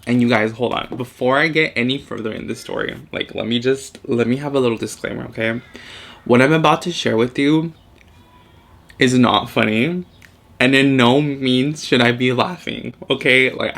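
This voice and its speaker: A man's voice: mid-range voice, gravelly, a bit bright. A young man in his twenties, a vlogger telling a story casually and animatedly, swearing often and mixing in Spanish words.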